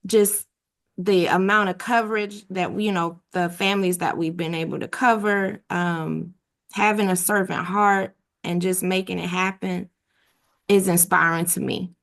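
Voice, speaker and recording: Earnest woman with halting speech. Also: lowish voice, fairly even intonation, vocal fry, fairly bright tone. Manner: earnest, a little halting, many ums. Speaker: new sales agent. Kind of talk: sharing on a team call.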